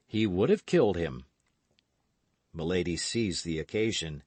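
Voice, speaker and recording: A man narrating an audiobook of a classic novel in an expressive storytelling manner. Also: low-pitched, a little slow, long pauses, dry recording. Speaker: audiobook reader. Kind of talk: scripted narration.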